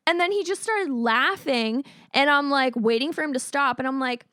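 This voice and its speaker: A woman, co-hosting a podcast and telling an animated story in casual chat, full of "like". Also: high voice, normal speed, hardly any pauses, dry recording, clean studio sound. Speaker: podcast co-host.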